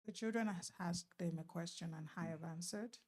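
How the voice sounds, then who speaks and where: A woman speaking at a church marriage seminar, lively and laughing often as she questions the audience directly. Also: lowish voice, moderate pace. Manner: laughs often while talking.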